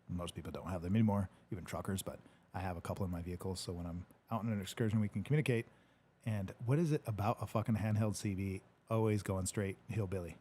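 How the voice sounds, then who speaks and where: Laid-back man with a husky, low voice. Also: warm tone. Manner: laid-back, joking, swears casually. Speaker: podcast host reading live comments. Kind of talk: casual livestream chat. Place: home studio.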